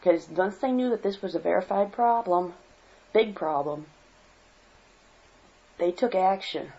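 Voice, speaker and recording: A woman from Michigan speaks straight to camera in an impassioned monologue, blunt and quick to swear. Her voice sits at an ordinary middle pitch for a woman. The recording is dull and lo-fi, like a cheap home setup. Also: warm tone. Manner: worked up, blunt, swears freely. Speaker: vlogger.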